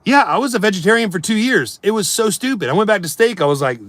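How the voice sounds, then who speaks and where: A brash male streamer on a comedic rant who mocks his chat and swears freely. His voice sits a bit high. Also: lively intonation, fast, a bit bright, no echo. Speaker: live streamer.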